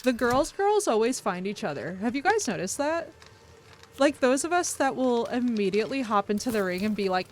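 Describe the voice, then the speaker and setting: A woman streamer chatting casually with her viewers, effusive, unfiltered and animated. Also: a little high, normal speed, a little hiss or hum.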